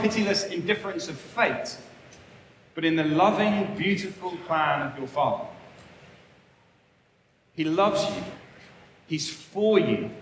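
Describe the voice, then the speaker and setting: A man's voice: high voice, a bit bright, a little hiss or hum. A man preaching a sermon, earnest and emphatic, repeating short phrases for weight. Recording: echoey hall, faint ambience.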